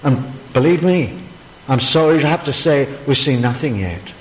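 A man's voice: medium pitch, lively intonation, moderate pace, a little hiss or hum. A man preaching a sermon, emphatic and full of rhetorical questions. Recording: echoey hall, faint ambience.

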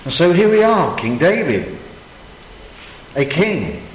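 Male preacher, slow deliberate delivery, echoey church hall with long reverb. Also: fairly high pitch, wildly swooping pitch, slight background noise. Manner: emphatic preaching, rhetorical questions, pauses. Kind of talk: sermon. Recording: echoey hall, faint ambience.

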